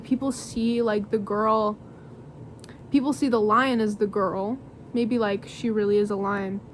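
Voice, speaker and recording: A woman's voice: fairly high pitch, slight background noise. A young woman doing a casual tarot reading to camera, rambling and giggly with lots of fillers. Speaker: tarot reader.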